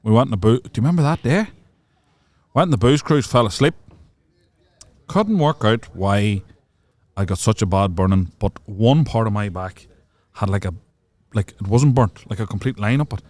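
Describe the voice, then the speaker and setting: Brief: young lad, lowish voice, animated storyteller, dry close sound. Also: male voice, moderate pace, dry recording. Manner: animated storyteller, swearing and laughing. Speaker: podcast co-host. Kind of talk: casual chat.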